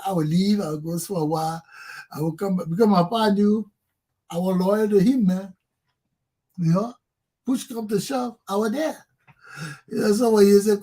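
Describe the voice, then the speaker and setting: A man with a Liberian English accent hosting a talk show, telling profane personal stories with animated, laughing delivery. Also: high voice, normal speed, long pauses. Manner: animated, profane, laughs often, acts out quotes loudly. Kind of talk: casual storytelling monologue.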